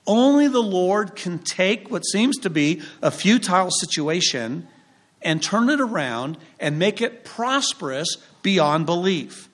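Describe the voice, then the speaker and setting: A male pastor preaching a sermon with an emphatic, rising and falling cadence and dramatic pauses. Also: high-pitched, very animated, a bit bright.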